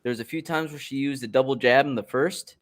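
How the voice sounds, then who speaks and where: A man's voice: medium pitch, quick pace. A man co-hosting a casual chat show, easygoing and jokey, steering the run-through. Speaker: podcast co-host.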